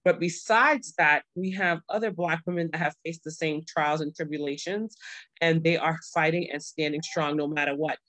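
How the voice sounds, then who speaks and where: A woman's voice: sits low, steady tone, moderate pace, a bit bright, dry recording. A young woman hosting her own livestream show, talking casually and earnestly to viewers, pleading and then overjoyed. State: pregnant. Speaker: show host.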